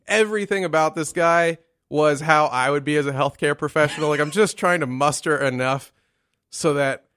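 A man's voice: on the high side, normal speed, fairly bright tone, clear, resonant tone, no echo, clean studio sound. A man telling a crude story in casual chat, sarcastic and profane, often putting on the voices of the people in it.

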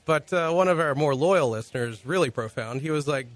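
A man's voice: a little high, expressive, brisk, hardly any pauses, a bit bright, dry recording. A man hosting a podcast in a small studio, sick with a cough, joking and rambling in casual chat on a studio mic. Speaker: podcast host.

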